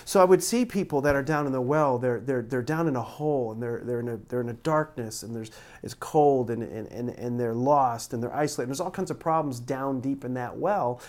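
A man's voice: medium pitch, fairly quick, few pauses, a little mellow. A middle-aged man, a pastor preaching a sermon, telling personal stories in an earnest, emotional way with frequent restarts.

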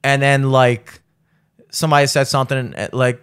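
A man's voice: brisk, clean tone. A man telling a long story in casual chat, swearing often and acting out what others said. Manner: animated, profane, acts out quotes in a high voice.

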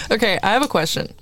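A woman's voice: high voice, slightly rough. A young woman hosting a college radio show, chatting casually, laughing often and mocking herself. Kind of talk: casual chat.

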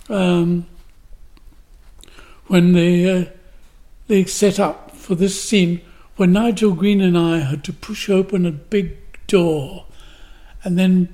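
With a voice that sits high yet has a dark tone, an older guest actor from Glasgow, Scotland, recounts anecdotes and acts out the words of the people he quotes.

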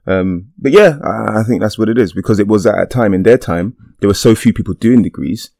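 Deep, quick-talking man making his point. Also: creaky, warm tone, no echo, studio quality. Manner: emphatic, explains with repeated points. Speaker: podcast co-host. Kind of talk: casual podcast discussion.

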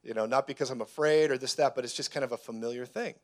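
A man's voice: medium pitch, fast. A man preaching a sermon, telling personal stories and acting out the voices of the people in them. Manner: animated storyteller who acts out dialogue. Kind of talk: sermon teaching.

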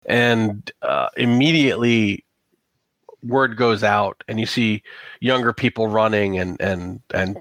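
A man narrating a tabletop role-playing game as game master, talking in a halting way with many restarts and fillers. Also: lowish voice, fairly even intonation, a bit bright, dry recording.

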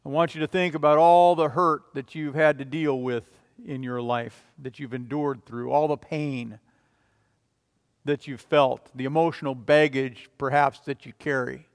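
Man preaching, high voice, emphatic, loud then soft, long hall reverb. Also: fairly even intonation, normal speed, clean tone. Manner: emphatic, rising and falling in volume. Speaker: pastor. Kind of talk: sermon.

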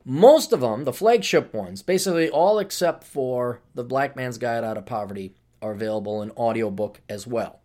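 A man's voice: mid-range voice, animated, moderate pace, hardly any pauses, mellow. A man hosting a casual podcast monologue, talking in a sarcastic, ranting way. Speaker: podcast host.

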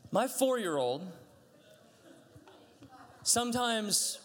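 A man's voice: high-pitched, lively intonation, measured pace, fairly bright tone. A man, a pastor, giving a chatty, conversational sermon, telling stories animatedly with frequent restarts. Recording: long hall reverb.

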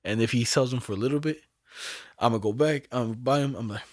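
Brief: young guy, casual chat, fast, swears freely, acts out every quote. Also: mid-range voice, dry recording, clean studio sound. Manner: animated, profane storytelling full of acted quotes.

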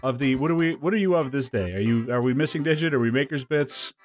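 A man's voice: medium pitch, animated, fast, faint music behind. A man hosting a podcast in casual, joking chat, slipping into mock announcer intros. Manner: playful, launches into bits and mock announcer intros. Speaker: podcast host.

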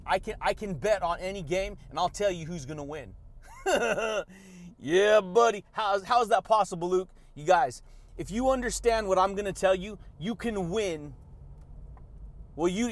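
A man hosting a motivational podcast monologue, hyped and chatty, who laughs often and keeps calling his listeners buddy and baby. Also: high voice. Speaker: podcast host.

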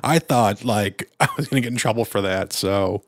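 A man's voice: normal speed, no echo, studio quality. A young man co-hosting a podcast, telling a story in casual chat and acting out quotes in a raised voice. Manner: animated storyteller, acts out quotes in a high voice. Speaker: podcast co-host.

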